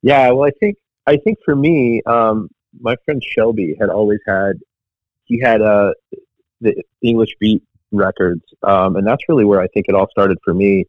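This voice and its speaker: Relaxed middle-aged man on a dull line. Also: lowish voice, moderate pace, no echo. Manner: relaxed, reminiscing. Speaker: guest on the line. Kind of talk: casual chat.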